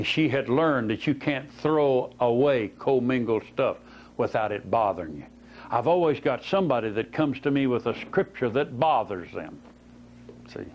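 Male preacher teaching scripture, folksy and questioning, mid pitch, dull lo-fi tape sound. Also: a little mellow, a little hiss or hum. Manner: folksy storytelling, rhetorical questions. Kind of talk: Bible teaching sermon.

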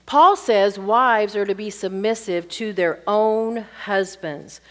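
A woman's voice: medium pitch, takes it slowly. Earnest woman teaching a Bible lesson. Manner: earnest teaching with rhetorical questions. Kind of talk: sermon.

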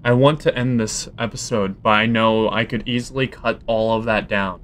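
A man hosting a horror game playthrough, talking casually and reacting loudly, yelping at scares and grumbling when frustrated. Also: on the low side, steady tone, normal speed. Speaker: gaming video host. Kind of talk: let's play commentary.

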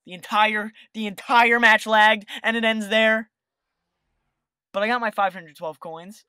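Bright, excitable young gamer. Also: medium pitch, unhurried, clean tone, no echo, studio quality. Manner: excitable, swings between hype and annoyed rants at his players. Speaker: gaming video host. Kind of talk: gameplay commentary.

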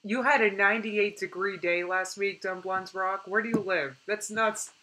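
A young woman chatting casually on a live stream, reading out viewer comments in an animated way and laughing often. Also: mid-range voice, moderate pace, poor audio.

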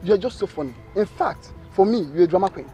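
An actor with a Nigerian accent playing a defensive young boyfriend who snaps back with mocking retorts. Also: male voice, high voice, expressive, mellow, soft background music. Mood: irritated. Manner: fast, exasperated retorts.

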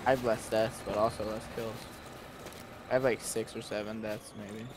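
A man's voice: lowish voice, flat delivery, moderate pace, noisy background. A man playing a shooter game with a friend, teasing and trash-talking in casual chat. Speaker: gaming partner. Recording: game audio with loud gunfire.

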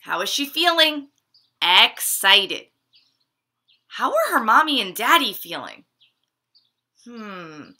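Bright, expressive woman reading to kids. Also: a little high, slow pace, pauses often. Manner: asks children questions, expressive. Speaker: teacher reading to children. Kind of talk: children's story time read-aloud. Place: living room at home.

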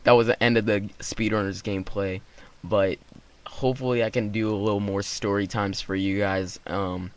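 A young man hosting his channel, telling a story-time tale in an animated way and acting out the quotes. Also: on the low side, normal speed. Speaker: YouTube channel host.

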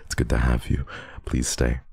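A man's voice: extremely low pitch, monotone, moderate pace, gravelly, a little mellow, slightly rough. A man streaming and chatting with viewers while congested from a cold, playful and teasing with frequent laughter. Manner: playful, teasing, laughs often, mixes in Tagalog and Korean endearments. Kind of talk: casual chat with chat readers.

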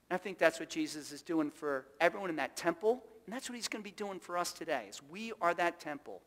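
A man's voice: sits high, very animated, fast, hardly any pauses, a bit bright, in a large hall. A male pastor delivering a sermon, emphatic and full of rhetorical questions to the congregation. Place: church sanctuary.

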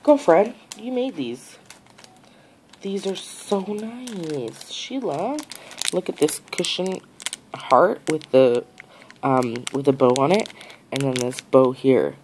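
A woman in a casual unboxing vlog, gushing and excitable, full of gasps and exclamations. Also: very deep voice, unhurried, slight background noise, rough recording. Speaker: nail art vlogger.

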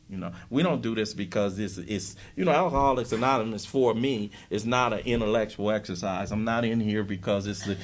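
A man speaking to a live audience at a recovery workshop in a meeting room. He talks bluntly and emphatically, hammering points home with short, repeated lines. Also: medium pitch.

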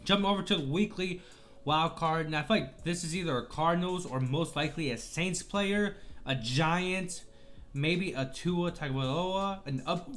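A man with a slightly high voice gives casual video game commentary for his channel. He talks in a chatty, upbeat way and apologizes for small slips, fighting off the hiccups. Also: normal speed, fairly bright tone, soft background music. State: has the hiccups. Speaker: gaming channel host.

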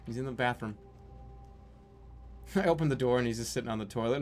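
A young man talks his way through a game stream, joking and easily exasperated at the mechanics. His pitch sits in an ordinary middle range. Faint music plays behind his voice. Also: a little fast, pauses often. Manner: jokey, easily exasperated, swearing outbursts. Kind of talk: let's-play commentary.

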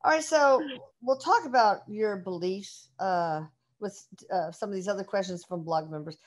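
A woman hosting an interview, plain and mid-pitched. She asks questions with eager curiosity and keeps the exchange going with short replies. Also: moderate pace.

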